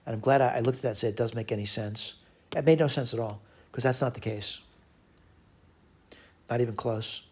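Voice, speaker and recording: A man teaching a recorded math lecture, working through a problem out loud and correcting his own slips as he goes. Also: mid-range voice, a little fast, pauses often, breathy edge. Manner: talks to himself while working problems, frequent self-corrections.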